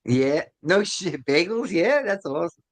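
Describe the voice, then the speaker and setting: A man's voice: fairly high pitch, sing-song, measured pace, dry recording. A man co-hosting a podcast, chatting casually and reacting with laughs. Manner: laid-back, laughing, reactive listener. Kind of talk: casual chat.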